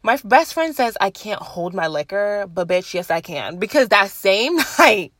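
A woman's voice: mid-range voice, very animated, normal speed, fairly bright tone, no echo. A young woman chatting casually to camera, blunt and profane, often laughing at herself mid-sentence.

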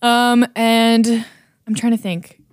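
A woman's voice: a little high, steady tone, slow, no echo, clean studio sound. Giggly young woman chatting. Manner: giggly, rambling. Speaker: podcast guest. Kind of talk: casual chat.

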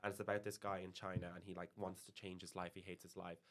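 Young Irish man, podcast guest, rapid rambling delivery, slightly low voice. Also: little pitch movement, fairly bright tone. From Ireland. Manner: rambling, full of "like" and restarts. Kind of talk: casual chat.

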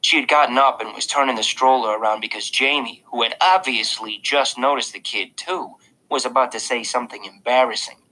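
A man's voice: medium pitch, fairly quick, bright, forceful tone, low-quality recording. A man reading a first-person audiobook narration in a casual, confiding way.

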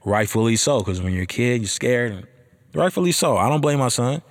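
In a relaxed podcast chat, the host, a man, launches into a heated, swearing rant about being a dad, full of animated energy. He talks fairly quickly at a medium pitch.

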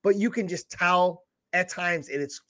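High-pitched dude chatting blunt and profane, casual banter. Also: male voice, unhurried, fairly bright tone. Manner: blunt, swears freely. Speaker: podcast co-host.

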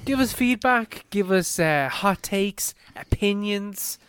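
A young man co-hosting a podcast in casual chat, talking fast with lots of fillers and the odd swear. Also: high-pitched, lively intonation, fairly bright tone, clean tone. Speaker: podcast co-host.

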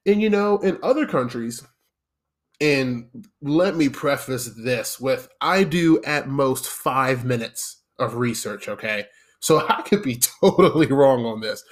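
A man hosting a solo podcast, ranting in an exasperated, profane, rambling way. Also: a little high. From United States. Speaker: podcast host.

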